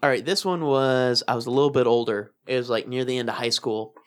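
A man's voice: mid-range voice, steady tone, a little fast, a little hiss or hum. A man telling a long rambling story in casual chat, laughing often and restarting his sentences.

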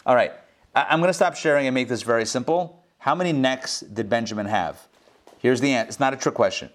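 This middle-aged rabbi speaks in a mid-range voice, a little fast, giving a casual online Torah lecture over a video call. He jokes around and puts questions to his listeners, captured through his computer's microphone.

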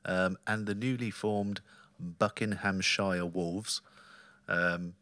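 A man hosting a podcast, telling stories in wry, relaxed casual chat. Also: low voice, slow, no room sound. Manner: storytelling, wry. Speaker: podcast host, flag football player.

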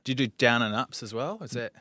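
Chatty New Zealand host, dry sound. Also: male voice, medium pitch, fast, pushed and bright, dry recording. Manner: chatty, easygoing questioner. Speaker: podcast host. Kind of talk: casual interview.

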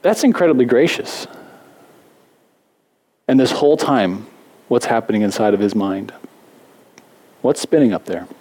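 Male pastor, relaxed conversational sermon delivery, wry self-mocking asides, mid pitch. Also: measured pace, pauses often, slightly rough. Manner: conversational, self-deprecating humor, animated asides.

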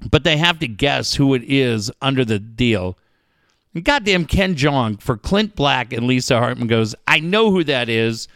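A man's voice: mid-range voice, unhurried, no room sound, studio quality. A man hosting a casual chat, telling stories with lots of swearing. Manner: profane, animated storyteller.

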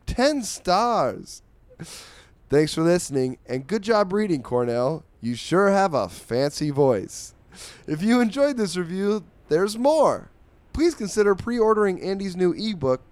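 A man doing a fancy put-on voice as a pompous, gushing male reviewer reading aloud for a comedy podcast, with grand, drawn-out exclamations. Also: on the high side, darkish tone, no room sound, voice pushed up.

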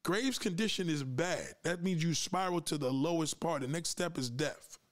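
A man hosting a live podcast, with a slightly high voice, ranting at his audience in a blunt, profane, lecturing way. He is confrontational and keeps daring the men listening to prove him wrong. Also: moderate pace. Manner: asks listeners to push back. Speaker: podcast host. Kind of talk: livestream podcast rant.

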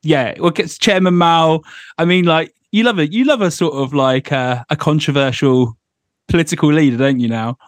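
A man hosting a casual football podcast, teasing his co-hosts with steady banter. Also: fairly high pitch, normal speed, dry recording. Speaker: podcast host. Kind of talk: casual chat.

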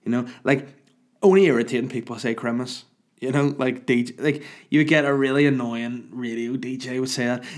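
A man in his thirties with a Northern Irish accent, hungover, telling crude, rambling, animated comic stories. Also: mid-range voice, brisk. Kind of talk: casual comic storytelling.

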